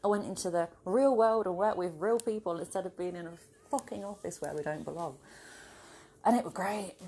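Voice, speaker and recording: At home with her dog, a woman who vlogs about spirituality speaks to a tripod-mounted camera, wandering between topics, cursing without restraint, and breaking into laughs and silly voices. Her deep voice is a little mellow, with slight hiss or hum in the audio.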